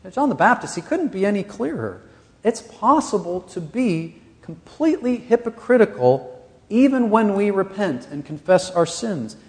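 Lively earnest preacher in echoing hall. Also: male voice, high-pitched, moderate pace. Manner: earnest, rising emphasis on key points. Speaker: pastor. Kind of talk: sermon.

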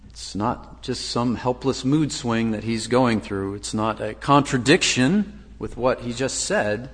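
A man's voice: medium pitch, a little slow, few pauses, a bit bright, big-room sound. A man preaching a sermon as a pastor, earnest, with frequent fillers.

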